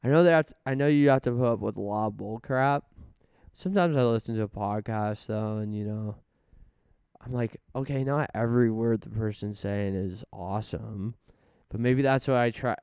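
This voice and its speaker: A man's voice: lowish voice, normal speed, a little mellow, clean tone, no room sound, studio quality. A man hosting a solo podcast, rambling through jokes and self-mocking asides. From Canada. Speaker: podcast host.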